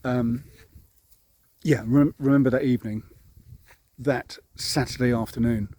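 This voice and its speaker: A medium-pitched, steady, dark male voice, a little slow, belongs to an English vlog host from England. Walking a dog outside, he shares a casual, wandering childhood story at his own expense, laughing at himself along the way.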